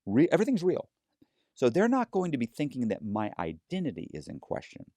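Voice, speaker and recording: A man's voice: mid-range voice, wildly swooping pitch, brisk, darkish tone, no room sound. A man telling a story as a podcast guest, acting out both sides of each retold conversation with lots of energy. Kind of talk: animated storytelling in a podcast interview.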